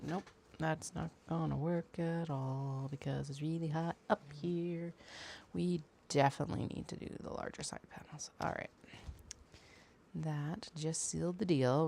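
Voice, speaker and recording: A woman's voice: sits low, steady tone, moderate pace, creaky, dark tone, slight background noise. A woman hosting a sewing livestream, talking casually to herself as she works and repeating phrases half-aloud. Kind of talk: casual talk while working.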